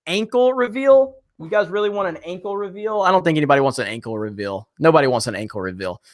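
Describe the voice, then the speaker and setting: A young man hosting a casual live stream, reading viewer comments and joking with chat in an animated way. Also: a little high, fast.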